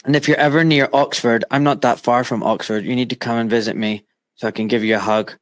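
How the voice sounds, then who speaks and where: Middle-aged guy hosting a chat from his home studio, animated, acts out what people said. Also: mid-range voice, fast. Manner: animated, emphatic storytelling with acted-out quotes. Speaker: host. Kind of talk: casual interview chat.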